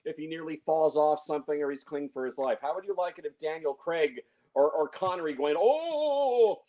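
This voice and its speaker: A man with a somewhat high voice talks through a film review in loose, conversational chat. He is opinionated and stumbles often, repeating words and restarting his sentences. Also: steady tone, darkish tone. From San Francisco Bay Area. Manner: halting, many restarts and fillers, opinionated.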